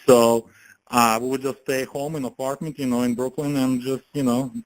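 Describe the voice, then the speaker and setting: A man's voice: medium pitch, level tone, normal speed, rough recording. A man giving a casual motivational talk about network marketing, chatting and often asking his listeners questions.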